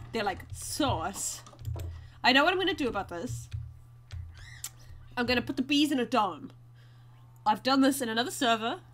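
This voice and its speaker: A woman narrates her game to viewers in a chatty, giggly way. Her voice sits high and swoops around animatedly, with a bright, sharp tone. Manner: chatty, giggly, talks to viewers while playing. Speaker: gaming video host. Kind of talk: casual let's-play commentary.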